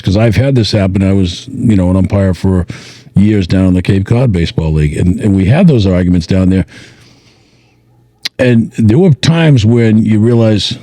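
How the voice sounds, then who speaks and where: A man's voice: on the low side, warm tone, no echo. A man who umpired for years, giving advice in casual chat and quoting talks with coaches. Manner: advising, quotes conversations with coaches. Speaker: baseball umpire.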